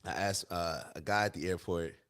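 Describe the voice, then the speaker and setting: A man's voice: low-pitched, normal speed, fairly bright tone, clear, resonant tone. A man hosting a live stream, talking casually and giving his opinions, often repeating and restarting his phrases.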